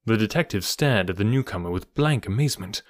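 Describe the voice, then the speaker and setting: Steady male audiobook narrator. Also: lowish voice, fairly quick, no echo, clean studio sound. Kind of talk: scripted narration of a classic detective story.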